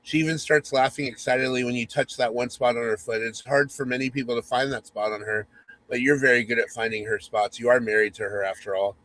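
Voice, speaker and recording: Male host reading a spoof romance aloud; mock-sultry, teasing, medium pitch. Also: steady tone, quick pace, fairly bright tone, low-quality recording. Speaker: podcast host.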